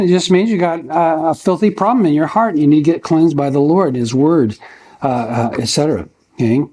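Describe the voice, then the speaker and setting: An older male pastor preaches from the pulpit in a husky voice that sits a little high for a man. He keeps it folksy and conversational, throws rhetorical questions at his congregation, and tags his points with "okay?". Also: warm tone. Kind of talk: verse-by-verse sermon. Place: church.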